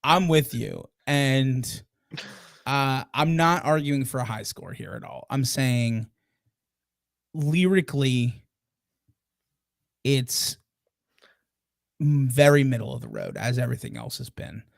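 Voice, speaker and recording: A man of ordinary pitch talks through his scores on a live podcast, pausing and restarting as he thinks. The sound is dry and close. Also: creaky, no echo. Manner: deliberate, hesitant, restarts often. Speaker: podcast co-host. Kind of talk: casual review chat.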